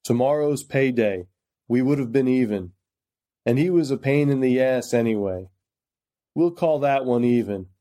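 A man voicing a cruel male crime boss who taunts and threatens in a quiet, measured way. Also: mid-range voice, natural voice. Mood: mocking.

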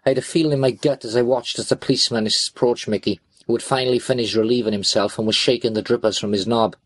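A male audiobook narrator tells a gritty first-person crime story in a tense, blunt voice laced with expletives. His middle-range pitch stays steady at a quick pace, recorded close and dry with no echo or room sound.

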